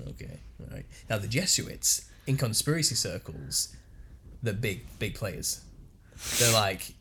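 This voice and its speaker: A man's voice: on the low side, very animated, measured pace, sharp tone, a little hiss or hum. A man co-hosting a podcast, reading news articles aloud with frequent laughter and put-on voices for quotes. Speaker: podcast co-host.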